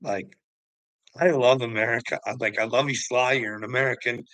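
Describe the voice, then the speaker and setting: A man's voice: mid-range voice, fairly even intonation, fairly quick, fairly bright tone, dry recording, poor audio. A man ranting casually, swearing often and rambling between thoughts. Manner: profane, rambling, laughs often. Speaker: host.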